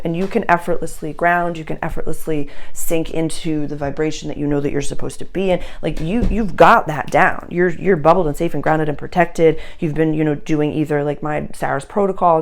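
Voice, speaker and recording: A young woman reads the stars for her listeners in loose, conversational talk, circling back and restarting as she goes. Her voice sits low and carries a gravelly, fry-laced edge. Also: darkish tone. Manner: chatty and earnest, addresses listeners directly, many fillers and restarts. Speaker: astrologer giving sign readings. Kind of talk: casual spoken astrology reading.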